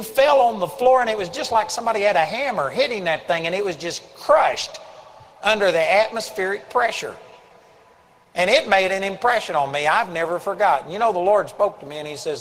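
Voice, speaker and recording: A man's voice: fairly high pitch, low-quality recording. A man preaching a sermon, telling stories earnestly with emphatic rising bursts. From United States.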